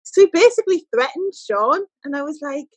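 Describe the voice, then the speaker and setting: A woman, a podcast guest telling a story in casual chat and quoting people in lively voices. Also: high-pitched, brisk, no echo, low-quality recording.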